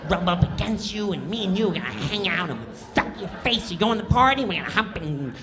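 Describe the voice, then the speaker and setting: A man's voice: sits high, expressive, brisk, crowd noise. A man imitating a laid-back male comedian who mumbles and rambles through his lines. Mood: lazy.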